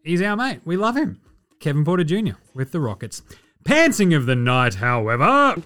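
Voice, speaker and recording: A man's voice: a little high, moderate pace, a little hiss or hum. A young Australian man hosting a podcast, chatting about sport with lots of swearing and sarcastic jokes. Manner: swears a lot, sarcastic and animated. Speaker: podcast host. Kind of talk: casual sports chat.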